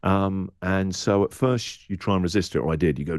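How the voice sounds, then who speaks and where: A middle-aged English radio presenter, speaking as a podcast guest, has a low-pitched voice and a brisk delivery in clean, echo-free studio audio. He talks candidly and acts out his inner voice in quoted asides.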